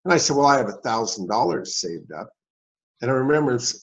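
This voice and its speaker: A man's voice: mid-range voice, fast talker, creaky. A man in his sixties, a guest telling a personal story in an interview and acting out the dialogue in it. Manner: animated storyteller, acts out dialogue. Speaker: guest, real estate investor. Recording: dull, slightly lo-fi sound.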